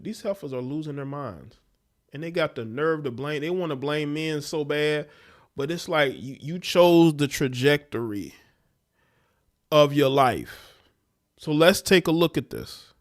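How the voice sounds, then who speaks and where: A man hosting a livestream who comments bluntly and scornfully, speaking straight to his viewers. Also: medium pitch. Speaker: livestream host.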